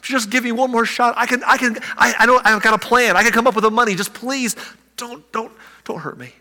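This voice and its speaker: A man's voice: fairly even intonation, a little fast, bright, forceful tone, big-room sound, heavily acted. A man voicing a desperate male servant who stammers and pleads for mercy. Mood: pleading. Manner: pleading, stammering, breaking high.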